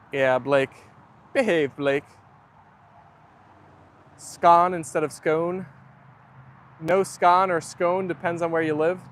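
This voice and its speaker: A young man hosting a casual livestream, chatting loosely and reading viewer comments aloud. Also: fairly high pitch. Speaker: livestream host.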